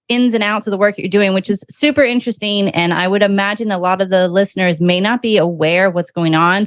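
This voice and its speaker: A woman's voice: medium pitch, no echo. A woman hosting a podcast interview, chatty and storytelling, acting out little exchanges as she goes. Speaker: podcast host. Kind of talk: casual interview chat.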